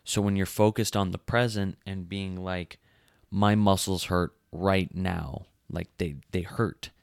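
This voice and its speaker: A young man co-hosting a podcast, talking in a casual, soft-spoken and hesitant way, with frequent restarts. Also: deep voice, steady tone, measured pace, creaky, clean tone, no room sound, clean studio sound. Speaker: podcast co-host. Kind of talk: casual chat.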